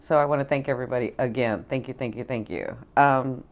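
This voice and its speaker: A woman with an unusually deep voice chats casually as a tarot reader. She is effusive and gushing, repeats herself and fills her talk with ums. She sounds middle-aged. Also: a little fast. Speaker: spiritual advisor and tarot reader. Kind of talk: casual tarot chat to camera.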